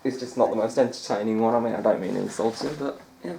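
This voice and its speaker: A man's voice: lowish voice, fast talker, gravelly, mellow, reverberant, slight background noise. A young man chatting casually over a snooker game as a gaming YouTuber, rambling and laughing often. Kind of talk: let's-play commentary.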